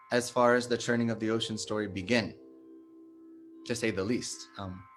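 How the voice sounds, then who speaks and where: A man giving a devotional satsang talk, retelling a sacred story in a measured, explanatory way and stressing the holy names. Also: mid-range voice, fairly bright tone. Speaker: satsang speaker.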